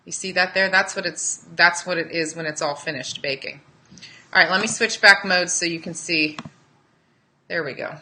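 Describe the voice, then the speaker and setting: A woman's voice: on the low side, normal speed, pushed and bright, echoey room, a little hiss or hum, poor audio. A woman hosting a casual live cooking demo, chatting with viewers as she cooks in a home kitchen. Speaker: cooking show host.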